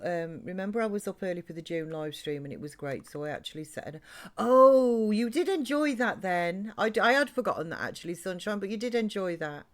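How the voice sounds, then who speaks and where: Female streamer, low-pitched, scattered chatty gameplay talk with viewers. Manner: chatty, rambling, talks to chat and game characters. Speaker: live streamer. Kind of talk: live-stream gameplay chat.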